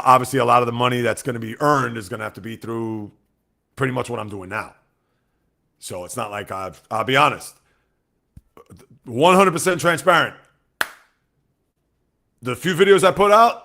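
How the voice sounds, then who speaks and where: A man hosting a sports livestream, chatting casually and animatedly with his viewers, reading their comments aloud and swinging between loud outbursts and quiet asides. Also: mid-range voice, moderate pace, vocal fry, pauses often. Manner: talks straight to chat, reads out viewer comments.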